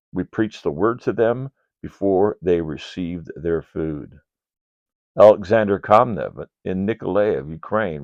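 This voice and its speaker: Older man, very low gravelly voice. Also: darkish tone, no echo. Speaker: ministry leader reporting to donors. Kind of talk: read-aloud ministry report. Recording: dull, dry lo-fi sound.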